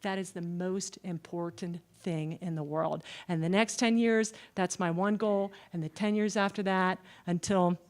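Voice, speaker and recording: A middle-aged woman giving an animated, folksy talk to a Christian gathering, with lots of "okay?" asides. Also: on the low side, unhurried, few pauses. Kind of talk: storytelling talk.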